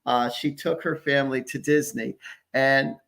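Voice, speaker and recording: A man's voice: medium pitch, fairly even intonation, a little slow, vocal fry, fairly bright tone. A man hosting a psychic show, chatting casually and telling rambling stories with chuckles. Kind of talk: casual psychic readings chat.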